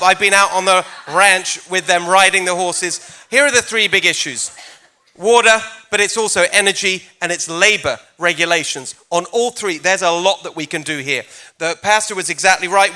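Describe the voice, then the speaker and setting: A man's voice: high voice, sharp tone. A man with a non-American accent giving an upbeat, joking campaign speech at a live forum in a church before an audience. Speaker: governor candidate.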